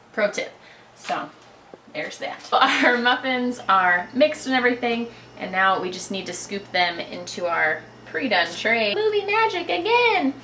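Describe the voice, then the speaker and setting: A woman's voice: fairly high pitch, fairly bright tone, roomy sound, slight background noise, rough recording. A young woman hosting a casual home cooking video, playful and jokey with chatty asides as she bakes in her kitchen.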